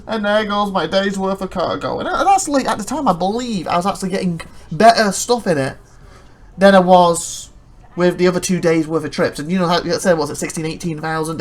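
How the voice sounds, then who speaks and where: Let's play host: mid-range voice, chatty, animated retelling, lots of restarts. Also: mid-range voice, brisk. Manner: chatty, excitable storytelling with laughs; self-correcting, rambling. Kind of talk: casual gameplay commentary.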